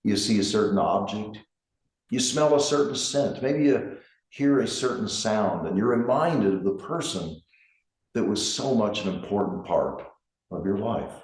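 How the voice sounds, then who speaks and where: A middle-aged man, a grief counselor, giving a gentle, measured reflective talk with emphasis on key words. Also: fairly low pitch, lively intonation. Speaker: grief counselor and center director. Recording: roomy echo.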